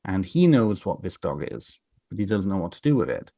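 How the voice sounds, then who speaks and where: Male guest, deep voice, rambling storyteller, dry close sound. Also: sing-song, fairly quick, warm tone, dry recording. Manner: rambling, many fillers and restarts. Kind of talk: casual storytelling in an interview.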